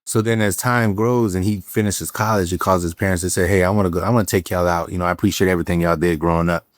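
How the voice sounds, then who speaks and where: A man, a real estate entrepreneur telling animated stories as a podcast guest, acting out the quotes with many fillers and restarts. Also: low voice, fast, no echo, clean studio sound. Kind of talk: casual storytelling interview.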